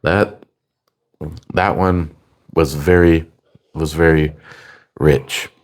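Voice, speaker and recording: Slow, deep-voiced man reading chat comments. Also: steady tone. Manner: joking, reads viewer comments aloud. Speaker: beer review co-host reading chat comments. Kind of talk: casual chat.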